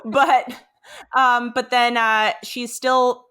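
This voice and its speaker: A woman's voice: on the high side, little pitch movement, very slow, sharp tone, clean tone. A woman co-hosting a podcast, talking through an episode in thoughtful casual chat and reading quotes aloud. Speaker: podcast co-host.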